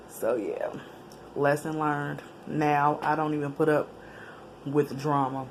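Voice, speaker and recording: Speaking slowly and pausing often, this low-pitched woman shares a personal tale as a vlogger addressing the camera. Her casual storytelling is lively and talkative, full of slang and laughs, over a light background hiss.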